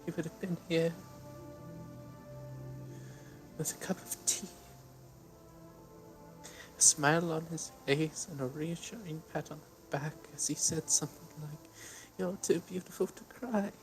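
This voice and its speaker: A man's voice: a little high, fairly even intonation, moderate pace, soft background music, pitched above the performer's own voice, natural voice. A man voicing a sobbing, self-hating young woman. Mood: tender grief. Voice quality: breathy, whispered sobbing. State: crying.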